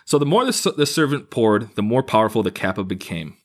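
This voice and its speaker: A man's voice: lowish voice, expressive, fast. A man reading a folktale aloud to friends, with restarts and casual asides. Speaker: storyteller.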